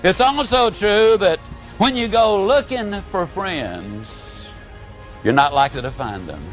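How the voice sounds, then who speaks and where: A man delivers a motivational speech, moving through his stories with dramatic pauses and sudden drops to a low, quiet voice. His voice sits fairly high, and faint music plays behind him. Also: expressive. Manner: storytelling with dramatic pauses and big drops in pitch and volume. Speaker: motivational speaker.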